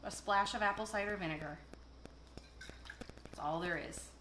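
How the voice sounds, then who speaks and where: A woman's voice: medium pitch, normal speed, noisy background. A woman hosting a casual cooking video, chatting and joking and telling stories as she cooks. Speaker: cooking show host. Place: kitchen. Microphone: camera across the kitchen. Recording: echoey kitchen with cooking clatter. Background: clattering dishes and cutlery.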